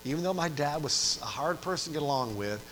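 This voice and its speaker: Older pastor preaching with emphatic repetition. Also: male voice, fairly high pitch, expressive, a little fast, a bit bright, slight background noise, low-quality recording. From Western New York. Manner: earnest storytelling with emphatic repetition. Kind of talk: sermon.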